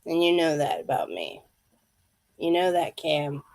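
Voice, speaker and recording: A woman's voice: low voice, very animated, a little slow, darkish tone. A wheezy woman in her fifties giving a live card reading, speaking intuitively to viewers by name. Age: 50s. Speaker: tarot card reader.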